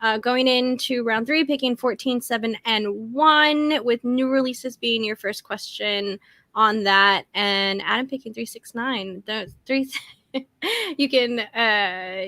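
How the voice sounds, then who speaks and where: A woman hosting a casual podcast interview, chatty and giggly, with quick asides. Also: on the high side, sharp tone, no echo. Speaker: podcast host.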